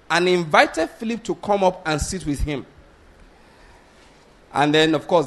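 A man preaching a sermon, blunt and animated, often asking the congregation whether they get his point. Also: fairly high pitch. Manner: animated, blunt, asks the congregation rhetorical questions; laughs between points, restarts sentences.

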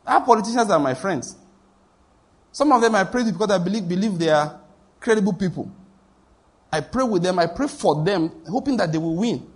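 A pastor preaches through stories, voicing the characters and laughing at his own anecdotes. His voice sits high and is expressive and slightly rough; he speaks a little fast but pauses often.

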